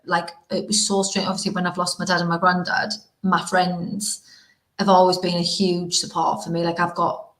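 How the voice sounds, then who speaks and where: A woman's voice: on the low side, level tone, moderate pace, fairly bright tone. A young woman hosting a podcast, talking frankly and emotionally in a rambling, casual way. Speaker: podcast host. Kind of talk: casual conversation. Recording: roomy echo.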